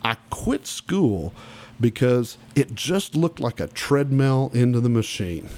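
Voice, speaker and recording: A man's voice: medium pitch, very animated, slow, a little mellow. A man being interviewed on a podcast, telling stories from his youth bluntly and emphatically, with frequent restarts. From Oklahoma. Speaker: guest musician. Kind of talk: casual podcast interview storytelling.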